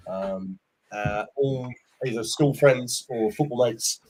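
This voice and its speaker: A startup CEO in his forties, appearing as a podcast guest, speaks slowly in a mid-range, somewhat dark voice. He tells stories candidly and chattily, dropping casual slang throughout the relaxed interview.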